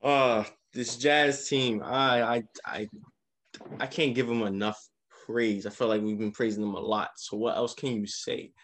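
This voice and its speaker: A man co-hosting a casual sports podcast, walking through game recaps with lively emphasis. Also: medium pitch, a little slow. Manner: animated, leads the game recaps. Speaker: podcast co-host.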